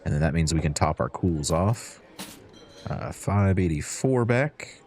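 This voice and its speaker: A man's voice: sits low, lively intonation, measured pace, darkish tone, faint music behind. A man hosting a let's-play, chatting to in-game customers as he serves drinks and counts out change. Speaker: gaming channel host. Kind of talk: relaxed let's-play commentary.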